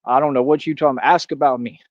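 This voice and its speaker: A man's voice: mid-range voice, fairly even intonation, racing, dry recording, muffled recording. A young adult man, from Austin, delivering a boastful, taunting live-stream monologue full of slang and repeated catchphrases. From Austin, Texas.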